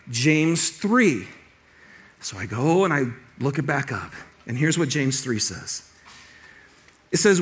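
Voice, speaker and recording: A middle-aged male pastor giving a sermon, telling a personal story with lively restarts and laughter. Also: fairly high pitch.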